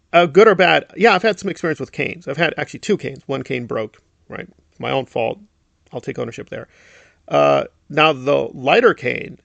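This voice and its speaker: A man's voice: a little high, gravelly, no room sound. A middle-aged man giving a sarcastic, indignant commentary, often mocking others with put-on voices. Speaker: commentary YouTuber. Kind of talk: ranting commentary.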